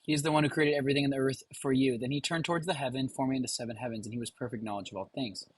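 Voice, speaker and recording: A man's voice: mid-range voice, fairly even intonation, racing, husky, no room sound, poor audio. A man hosting a live watch party, reading a passage aloud with casual asides to viewers. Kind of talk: live stream commentary.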